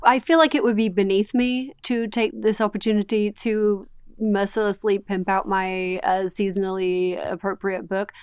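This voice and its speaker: A woman's voice: medium pitch, flat delivery, moderate pace, darkish tone, clear, resonant tone, no echo. Wry woman co-host, dry sound. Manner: wry, emphatic. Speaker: podcast co-host. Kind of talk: casual podcast chat.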